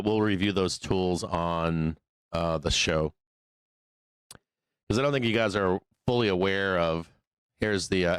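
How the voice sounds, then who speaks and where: Male host, deep and smooth but going hoarse from illness, loose rambling delivery with fillers. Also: no room sound. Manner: rambling, many fillers and restarts, hums to himself. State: losing his voice, still sick. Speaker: live stock market show host. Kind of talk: casual live-stream chat.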